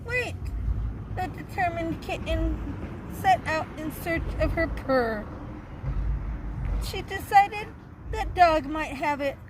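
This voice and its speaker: Slow, high-voiced woman reading aloud. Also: animated, background noise. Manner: asks the young listeners questions. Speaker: teacher. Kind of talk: reading a picture book aloud to children.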